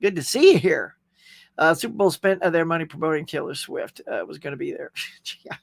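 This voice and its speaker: His voice is fairly high and gravelly, brisk, with lively intonation and no room sound. A middle-aged man with a Southern US accent, he casually hosts a live stream, reading comments, laughing often, and greeting viewers by name.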